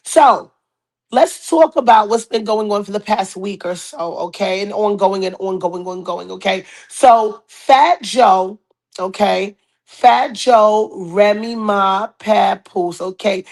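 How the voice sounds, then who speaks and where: A woman with a hoarse, raspy voice from a cold, hosting a casual podcast and greeting viewers in a chatty, repetitive way. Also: medium pitch, measured pace, darkish tone. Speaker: podcast host. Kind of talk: casual live-stream chat.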